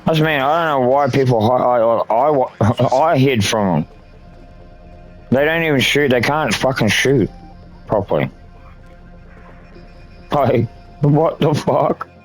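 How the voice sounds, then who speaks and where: Australian male gamer, young, crude running commentary, swears a lot, mid-pitched. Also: animated, a little slow, soft background music. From Northern Territory, Australia. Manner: crude, swears freely, rambling asides. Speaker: gaming streamer. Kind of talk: casual gameplay commentary.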